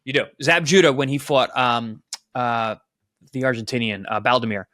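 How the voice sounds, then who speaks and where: Animated former boxer, bright voice. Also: male voice, mid-range voice, moderate pace, dry recording, studio quality. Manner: animated, voice jumps up when excited. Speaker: boxing analyst, former pro boxer. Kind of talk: casual podcast chat.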